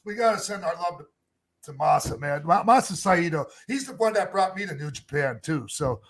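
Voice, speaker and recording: A man hosts a loose, casual conversation in a notably high voice. He swears freely and keeps tacking "man" onto the ends of his sentences. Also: expressive, normal speed, fairly bright tone. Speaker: host. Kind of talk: casual chat.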